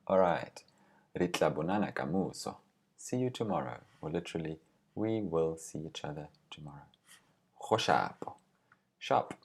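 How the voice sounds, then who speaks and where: A man teaching a language lesson, reading short example phrases and patiently explaining each word, slowing down on the key terms. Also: extremely low pitch, lively intonation, slightly rough.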